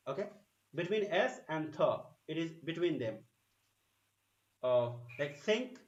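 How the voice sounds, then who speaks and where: A man's voice: a little high, expressive, normal speed, muffled recording. A man from the Bengal region of India with a Bengali English accent, teaching an online spoken English lesson and repeating sounds with many fillers. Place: home, cooking while teaching.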